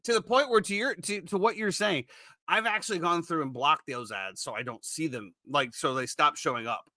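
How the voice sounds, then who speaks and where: A man's voice: on the high side, moderate pace, pushed and bright, no room sound, studio quality. A middle-aged man hosting a podcast, chatting casually in a joking, rambling, self-mocking way. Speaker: podcast host.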